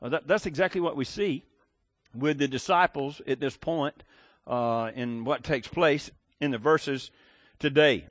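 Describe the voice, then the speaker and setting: Folksy preacher with a dry sound. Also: male voice, fairly high pitch, unhurried, no echo. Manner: folksy, rambling, hesitant with many restarts. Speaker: pastor. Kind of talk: sermon.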